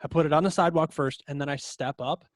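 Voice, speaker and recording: A man's voice: fairly high pitch, quick pace, no echo, studio quality. A young man co-hosting a casual podcast, telling a story with lots of laughs. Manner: animated storyteller, laughs often. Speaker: podcast co-host. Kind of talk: casual chat.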